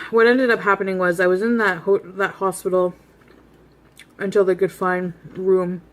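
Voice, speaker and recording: Woman eating through a confessional storytime. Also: mid-range voice. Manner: chatty and confessional, eating between sentences. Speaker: mukbang vlogger. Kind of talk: casual storytime while eating.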